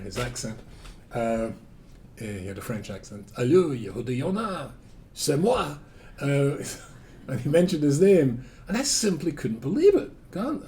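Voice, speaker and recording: An older man with a Scottish accent, a rabbi giving a lecture and telling stories with dry humor. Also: mid-range voice. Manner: animated storytelling with humor and asides.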